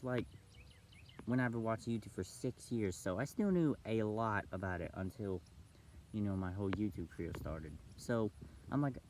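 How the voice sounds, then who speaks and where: A young man vlogging, telling a story casually and acting out the other people's voices with big jumps in pitch. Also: noisy background. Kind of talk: storytelling vlog.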